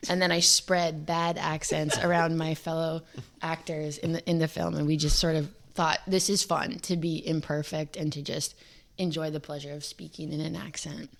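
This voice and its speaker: Chatty young woman filmmaker, low voice. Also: normal speed, vocal fry, a little hiss or hum. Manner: animated, chatty, peppered with "like". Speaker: filmmaker and lead actor. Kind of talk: casual interview answers.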